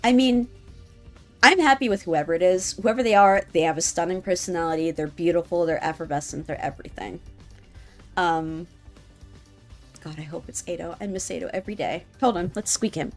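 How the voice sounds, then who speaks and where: A woman streamer chats and reads a story game aloud in a giddy, animated way. Her voice sits on the lower side. Faint music plays underneath. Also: a little fast. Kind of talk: casual game commentary and reading aloud.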